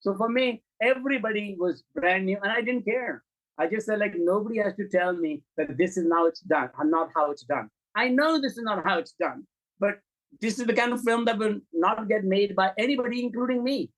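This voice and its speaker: High-voiced man telling blunt stories. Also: a little fast, low-quality recording. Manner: animated anecdotes, blunt and profane, acts out quoted dialogue. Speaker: film director, guest. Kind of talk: candid interview storytelling.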